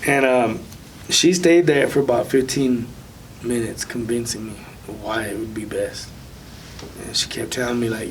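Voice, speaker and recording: A man speaking as an interview guest, telling a personal testimony in a soft, halting way with many pauses. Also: medium pitch, distant mic, slight background noise, poor audio.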